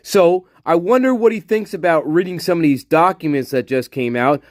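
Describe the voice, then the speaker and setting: A man's voice: a little high, moderate pace, no room sound, clean studio sound. A man hosting a casual livestream, swearing and ranting angrily, then muttering to himself as he reads the chat. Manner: profane angry ranting; muttering while reading chat. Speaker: livestream host.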